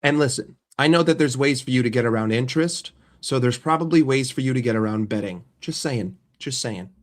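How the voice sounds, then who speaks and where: A man's voice: mid-range voice, a little fast. A man ranting as a football fan vlogger, blunt and sarcastic, with swearing and repeated phrases. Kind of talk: casual fan rant to camera.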